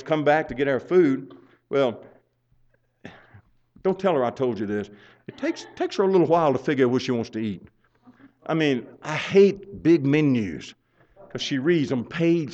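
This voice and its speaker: An older man preaching a folksy sermon, telling stories and building up to loud urging. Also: fairly high pitch. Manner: storytelling, chuckling, rising to loud exhortation. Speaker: pastor. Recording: muffled lo-fi sound.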